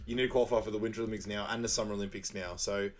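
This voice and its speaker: A man's voice: fairly low pitch, racing, a little hiss or hum. A man co-hosting a podcast, recapping a film in casual chat, rambling and laughing often as he quotes scenes. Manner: rambling, laughs often, animated when quoting lines. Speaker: podcast co-host.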